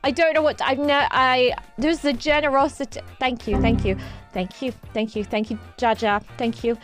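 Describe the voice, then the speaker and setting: An excitable woman chats on a live stream, her voice sitting a little high. She rambles, repeats herself and giggles between thoughts. Faint music plays underneath. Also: moderate pace. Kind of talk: casual livestream chat.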